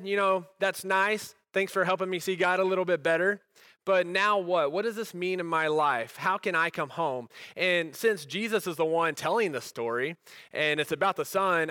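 Young male pastor, candid conversational sermon delivery; bright, crisp tone. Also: on the high side, no room sound. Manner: conversational, candid, self-deprecating.

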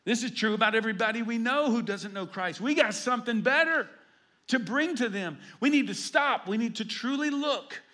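A man, a pastor preaching a sermon, telling stories and swinging between loud emphasis and hushed asides. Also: very high voice, expressive, moderate pace.

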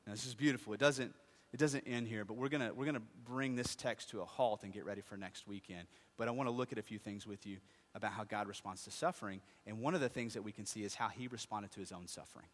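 A pastor with a voice on the low side preaches a sermon, asking the congregation questions and answering them on his own. Quiet asides give way to loud, impassioned sections, all carried by the long reverb of a large hall.

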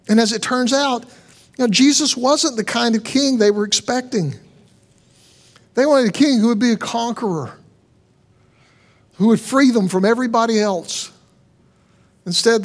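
Male pastor, high-pitched, earnest conversational sermon delivery with rhetorical questions.

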